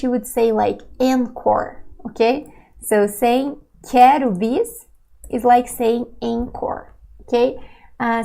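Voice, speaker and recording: A woman gives an online language lesson, speaking slowly and patiently and checking understanding often. Her voice sits a little high and carries a strong, gravelly fry. The tone stays calm and instructive. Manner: patient, explains slowly with many checks of "okay?". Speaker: language teacher.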